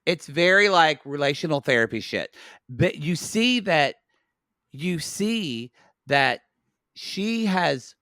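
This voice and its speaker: A man's voice: on the high side, lively intonation, takes it slowly, sharp tone, no echo, clean studio sound. A man co-hosting a casual recap podcast, talking in a blunt, profane and analytical way. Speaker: podcast co-host. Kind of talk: casual reality TV recap chat.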